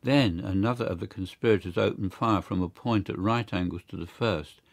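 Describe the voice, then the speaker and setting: Low-voiced man reading a story aloud. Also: normal speed, vocal fry, no echo. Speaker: audiobook reader. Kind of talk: scripted narration.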